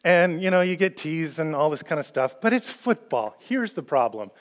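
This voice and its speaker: A middle-aged man preaching a sermon, telling a personal story in an animated, joking way. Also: a little high, moderate pace. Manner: storytelling, animated and jokey, rising when quoting. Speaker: pastor.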